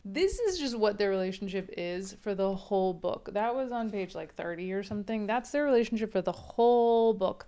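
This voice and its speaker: A woman's voice: mid-range voice, darkish tone, clear, resonant tone. A woman reviewing a romance novel in a chatty, sarcastic way. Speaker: book reviewer. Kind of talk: casual book review.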